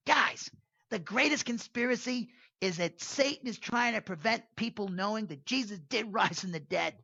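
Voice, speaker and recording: A man's voice: sits high, moderate pace, vocal fry, pushed and bright, no room sound, muffled recording. A man teaching an evening Bible study in a casual, digressive way, with restarts and asides.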